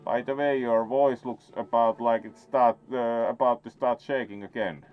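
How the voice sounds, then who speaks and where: A man's voice: mid-range voice, steady tone, normal speed, smooth. A man giving casual let's play commentary as he plays, in a wry, playful way. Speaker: gaming host. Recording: dull lo-fi sound. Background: faint game music.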